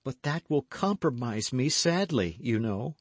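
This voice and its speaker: A man's voice: mid-range voice, sing-song, unhurried, dry recording, voice pushed up. Man voicing a frightened young Frenchwoman. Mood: anxious.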